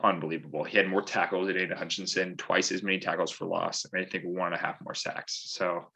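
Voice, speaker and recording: A young man with a low voice chats about sports on a podcast as an eager fan. He talks casually and keeps jumping between stats and opinions. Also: little pitch movement, fast talker, vocal fry, sharp tone. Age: young adult. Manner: enthusiastic, chatty fan talk. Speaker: podcast co-host.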